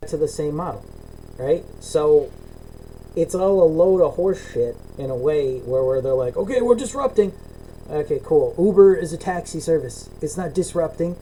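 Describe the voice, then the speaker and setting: A man's voice: fairly high pitch, moderate pace, mellow, a little hiss or hum, poor audio. A middle-aged man co-hosting a casual podcast over a video call, ranting and swearing, acting out both sides of his complaints. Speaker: podcast co-host. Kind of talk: casual profane chat.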